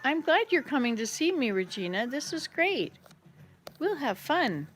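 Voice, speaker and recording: A chatty woman with a slightly high voice hosts a casual live stream from her kitchen. She rambles from topic to topic and answers viewers' comments as they come in. Faint music plays in the background. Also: very animated, a little slow. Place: home kitchen.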